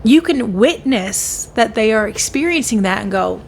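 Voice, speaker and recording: A woman's voice: fairly high pitch, lively intonation, normal speed, slight background noise. A woman hosting her own podcast, talking earnestly about conflict and healing and acting out the replies she suggests. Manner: earnest, coaching, acts out quoted replies in shifting tones. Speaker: podcast host. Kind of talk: solo podcast talk on healing.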